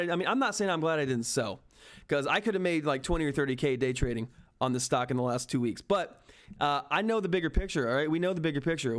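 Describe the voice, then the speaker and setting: A man hosting a stock trading livestream, giving excited market commentary and constantly addressing viewers as guys. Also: fairly high pitch, fast talker. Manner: excitable, keeps addressing viewers as guys and asking "all right?".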